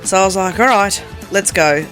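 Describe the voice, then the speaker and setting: A woman's voice: medium pitch, normal speed, fairly bright tone, soft background music. A woman in her thirties with an Australian accent, a breakfast radio co-host telling a story in casual, self-mocking chat. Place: radio studio. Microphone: studio microphone.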